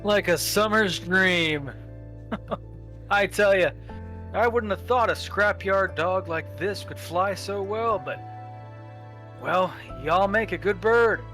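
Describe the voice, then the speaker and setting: A man's voice: high voice, slow pace, long pauses, bright, forceful tone, soft background music, heavily acted. A man playing a boastful, teasing starship pilot with a folksy drawl in a tabletop game. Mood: pleased.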